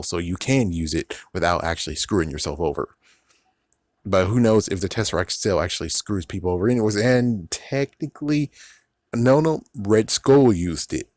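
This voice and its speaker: A man's voice: low voice, no echo, studio quality. A man casually reviewing a show, rambling, swearing and laughing often. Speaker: YouTube reviewer.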